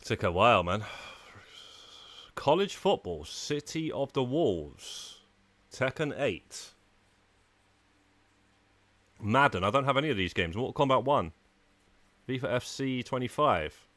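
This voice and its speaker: A man's voice: mid-range voice, expressive, unhurried, fairly bright tone, dry recording. A man live-streaming a game, chatting loosely with viewers, full of "uh" and "man" while he plays. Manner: chatty, frequent "uh" and "man", talking to chat while playing. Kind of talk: casual live-stream chat.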